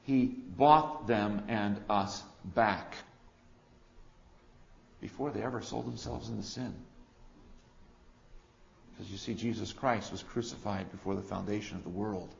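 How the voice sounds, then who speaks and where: A man preaching an expository sermon, swinging between loud declarations and quiet asides. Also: on the low side, unhurried, vocal fry, pauses often, muffled recording.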